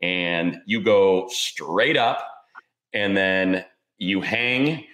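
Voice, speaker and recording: A man's voice: sits low, extremely slow, low-quality recording. A middle-aged man co-hosting a podcast, telling a story in casual chat. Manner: animated anecdote-teller, acts out quotes. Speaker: podcast co-host.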